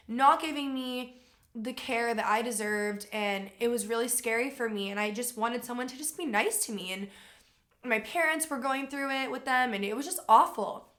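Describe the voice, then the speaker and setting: A young woman vlogger telling a personal story in a casual, animated way, swearing freely and acting out what other people said. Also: on the high side, moderate pace. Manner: animated, swearing, acts out quoted voices.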